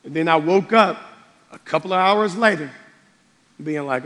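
A man with a high voice preaches a passionate sermon, one moment loud and driving, the next hushed and low. His voice rings out with a long reverb that trails behind every phrase. The delivery is personal and intense. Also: moderate pace. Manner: impassioned, swings between loud and quiet. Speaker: pastor. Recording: long reverb of a large hall.

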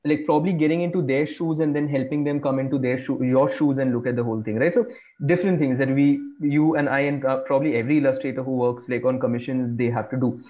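A man's voice: medium pitch, fairly even intonation, quick pace, mellow, lo-fi sound. A man, an illustrator and corporate trainer chatting in a casual podcast, rambling with many fillers and restarts.

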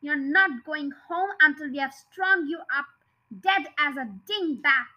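A woman voicing a cruel, furious farmer who shouts threats in a storybook reading. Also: high voice, unhurried, highs cut off. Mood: angry threatening.

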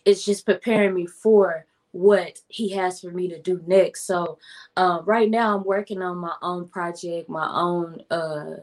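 A woman guest who writes and produces music, speaking in a low-key, reflective way with many fillers. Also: fairly even intonation, a little slow. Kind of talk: casual interview talk.

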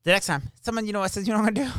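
A man's voice: high voice, racing, clear, resonant tone, no room sound, clean studio sound. A man casually telling stories from his time as an army captain, swearing freely and quoting the people involved. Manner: profane, animated, quotes people in his stories. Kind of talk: casual storytelling chat.

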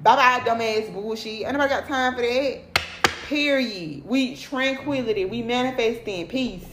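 Woman host, AAVE, blunt and profane motivational talk, slightly high voice, echoey room with faint hum. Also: normal speed. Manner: blunt, cussing, repeats "period" and "okay".

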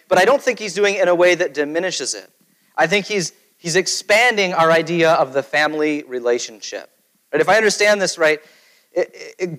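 A man's voice: high voice, a bit bright, poor audio. A middle-aged man preaching a conversational sermon, often checking in with his listeners as he talks. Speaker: pastor.

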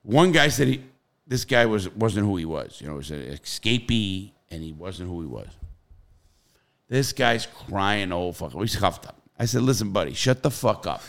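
A middle-aged man telling profane, animated stories in casual podcast chat, with loud bursts. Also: sits low, normal speed, creaky.

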